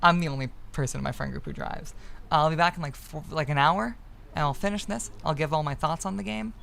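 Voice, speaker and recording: A woman's voice: deep voice, brisk, gravelly, fairly bright tone, a little hiss or hum. A young woman streamer talking casually to her chat, apologetic and hesitant, with many fillers.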